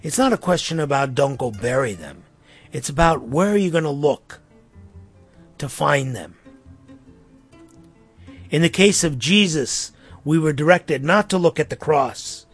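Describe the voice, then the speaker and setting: A man's voice: on the high side, expressive, unhurried, pauses often, breathy edge, faint music behind. A man giving a reflective sermon in a conversational way, with asides and restarts. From Armenian community in the US. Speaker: pastor.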